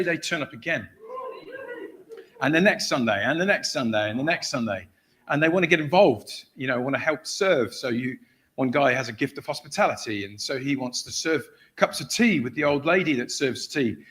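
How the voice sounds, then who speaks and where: A man's voice: on the high side, brisk. A man preaching at a church, telling a story with acted-out voices and frequent laughter. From England. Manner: animated storyteller, acts out shouted voices, laughs often. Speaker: guest preacher. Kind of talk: sermon storytelling.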